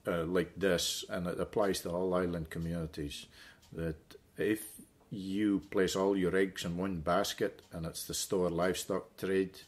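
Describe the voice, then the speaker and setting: A middle-aged man, a livestock farmer telling his story slowly, with many hesitant fillers and repeats. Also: low-pitched, level tone. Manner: deliberate, with frequent hesitant fillers and repeated words. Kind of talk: reflective interview storytelling.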